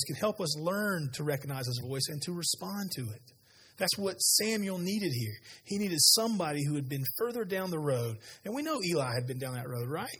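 A man preaching a sermon as pastor, retelling scripture with lively conversational asides to a church audience. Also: fairly high pitch, husky. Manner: animated storytelling, conversational asides. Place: church sanctuary.

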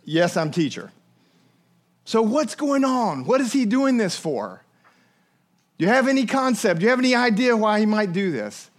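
A man delivers a sermon with lively energy. His voice sits high for a man, and he slips into little acted voices for the people he quotes. He keeps turning to his listeners with questions. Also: normal speed. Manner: animated preacher, acts out quoted voices, asks the listeners questions. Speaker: pastor.

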